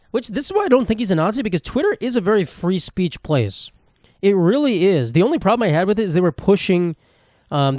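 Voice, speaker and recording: A man's voice: on the high side, darkish tone, no echo, studio quality. A young man hosting a solo podcast from his apartment, rambling and swearing in a jokey way. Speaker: podcast host.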